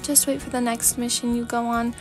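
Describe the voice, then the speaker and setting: A woman's voice: a little high, little pitch movement, fairly quick, music in the background, lightly acted. A woman reading a sleepy story aloud, voicing a level-headed young demon-slaying companion who scolds and cares. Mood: dry. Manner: sensible, scolding, gently caring.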